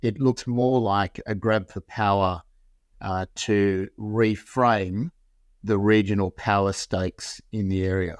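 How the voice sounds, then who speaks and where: A man being interviewed, giving a measured analysis built from long, carefully qualified sentences. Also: lowish voice, fairly even intonation, dry recording. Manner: measured, builds points in long qualified clauses. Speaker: interview guest.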